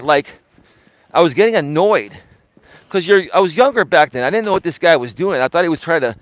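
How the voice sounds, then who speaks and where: A middle-aged man, a life coach hosting a live stream, talking with heavy emphasis and swinging between highs and lows. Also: fairly bright tone, no room sound.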